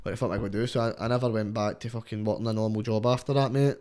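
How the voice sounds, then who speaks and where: A man's voice: fairly low pitch, fairly even intonation, very fast, a little mellow. A young man with a Scottish accent, a podcast guest chatting casually in a rambling, sweary way. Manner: rambling and sweary, constant filler phrases. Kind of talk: casual chat.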